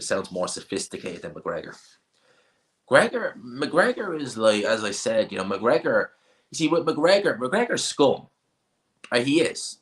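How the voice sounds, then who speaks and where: A man's voice: lowish voice, fairly bright tone. Blunt, opinionated man. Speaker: boxing channel host. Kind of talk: casual live stream chat.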